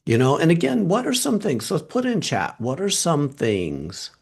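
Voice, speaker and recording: A man teaching a workshop over a video call, animated, posing questions and answering them himself. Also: a little high, moderate pace, gravelly, breathy edge. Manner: animated, asks and answers his own questions. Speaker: trainer.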